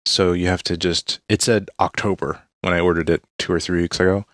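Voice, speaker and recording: A man with a very low voice explains gadgets in an easygoing, matter-of-fact way while co-hosting a casual tech chat. He is recorded close and dry, with no room echo. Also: level tone, brisk, fairly bright tone. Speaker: tech reviewer co-host.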